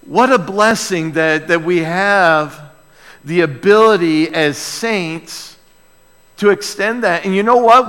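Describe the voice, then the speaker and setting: A man preaching in a church, joking with his congregation and stumbling over repeated words. His voice sits slightly high and he talks slowly and deliberately. A long hall reverb trails behind him. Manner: lively, conversational preaching with humor; repeats words and restarts often. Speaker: pastor. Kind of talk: sermon. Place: church sanctuary.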